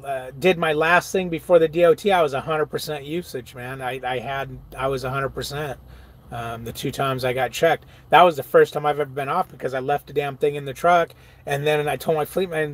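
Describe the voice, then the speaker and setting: Chatty, slightly high-voiced man. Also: steady tone, fairly quick. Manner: loose and chatty, swears freely, laughs often; reads viewer comments aloud and answers them. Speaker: truck driver streaming live. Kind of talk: casual live-stream chat reading.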